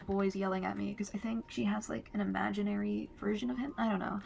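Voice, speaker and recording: A woman giving a personal account in a flat, hesitant way. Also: medium pitch, fast talker, creaky, lo-fi sound, a little hiss or hum. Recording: faint music behind. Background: faint music.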